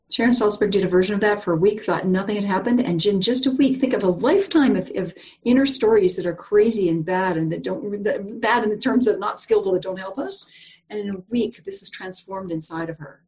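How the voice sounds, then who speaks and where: A woman's voice: medium pitch, brisk, warm tone, poor audio. A woman leading a live group call, teaching a meditation in a chatty storytelling way, with many fillers and restarts.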